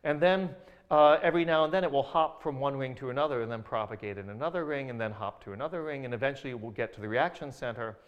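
A man's voice: mid-range voice, fast, highs cut off. A man giving an academic science lecture over slides, hesitant with many fillers and restarts, with dry jokes.

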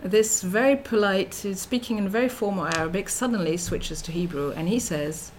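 A woman's voice: mid-range voice, moderate pace, few pauses, a little mellow, slight background noise. A middle-aged woman giving an academic lecture as a researcher, speaking thoughtfully with frequent fillers and restarts.

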